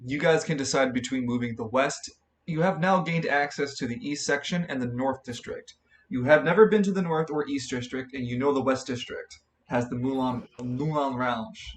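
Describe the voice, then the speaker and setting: A man's voice: medium pitch, a bit bright, a little hiss or hum. A young man narrating as game master of a tabletop role-play, rambling with many fillers and restarts.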